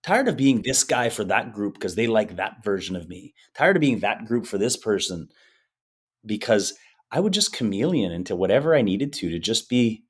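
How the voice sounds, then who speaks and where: A man's voice: fairly low pitch, very animated, normal speed, husky. A man who is a guest on a podcast interview, telling personal stories in an earnest, emotional way and acting out the quotes. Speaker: guest, hypnotherapist. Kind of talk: conversational interview storytelling.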